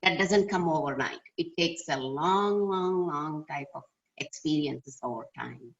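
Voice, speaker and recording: An older woman with a very low voice tells a personal story to a class, earnest and reflective. She is heard over a dull, lo-fi video call. She adds thoughtful asides as she goes. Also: measured pace. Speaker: class participant. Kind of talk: personal anecdote in a group discussion.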